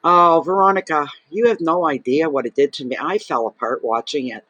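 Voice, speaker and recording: A man's voice: a little high, brisk, pushed and bright, dry recording, muffled recording. A man, a tarot reader and channel host, talking to camera in an emotional, rambling, heartfelt way. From Saint John, New Brunswick, Canada. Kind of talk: casual personal monologue to camera.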